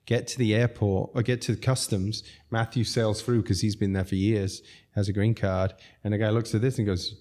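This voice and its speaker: A man's voice: fairly low pitch, moderate pace, hardly any pauses. A middle-aged man, a restaurateur guest on a podcast, telling casual stories and laughing his way through them. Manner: laughs through lively anecdotes. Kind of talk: casual storytelling.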